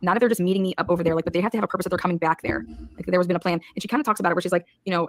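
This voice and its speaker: A woman's voice: on the low side, fairly even intonation, racing, no room sound. A woman hosting a casual true-crime talk, blunt, profane and incredulous. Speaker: podcast host.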